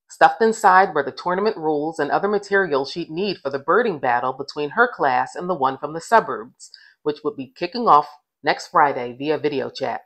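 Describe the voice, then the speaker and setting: A woman, the author, reading a middle-grade novel aloud with gentle, expressive storybook narration. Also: sits low, moderate pace, low-quality recording.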